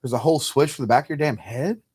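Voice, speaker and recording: A man's voice: medium pitch, a little mellow, slightly rough. Curious man hosting a casual podcast. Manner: curious, halting questions with fillers, swears. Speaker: podcast host. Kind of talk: casual interview chat.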